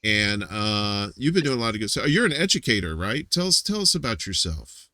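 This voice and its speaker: A man's voice: on the low side, big pitch swings, a little fast, pushed and bright, no room sound. A man hosting a casual live-stream chat on a video call, rambling and joking with frequent restarts. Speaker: host.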